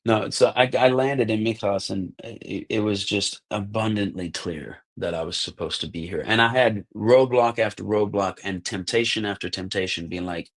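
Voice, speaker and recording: This is an American man in his thirties with a fairly low voice, speaking as a podcast guest. He tells his stories in an animated, casual way, slipping into the voices of the people he quotes and peppering his talk with "like" and "bro". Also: a little fast. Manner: animated, acts out quoted dialogue, says "like" and "bro" often. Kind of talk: casual storytelling.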